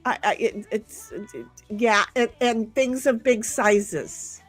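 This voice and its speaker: Slow-talking woman hosting a game stream. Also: on the high side, husky, faint music behind. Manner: reads chat aloud, chatty, laughs often. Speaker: stream host. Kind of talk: casual game-stream chat.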